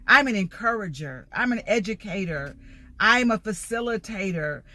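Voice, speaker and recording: A woman's voice: mid-range voice, expressive, moderate pace, sharp tone. A middle-aged woman, a life coach, giving an emphatic motivational talk in a repetitive preaching cadence. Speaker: life coach and empowerment speaker.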